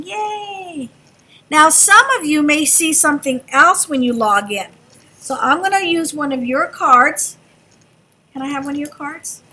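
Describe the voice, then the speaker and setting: A woman's voice: high-pitched, sharp tone. A woman teaching a kindergarten class, talking in an encouraging sing-song way to small children. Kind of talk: classroom instruction.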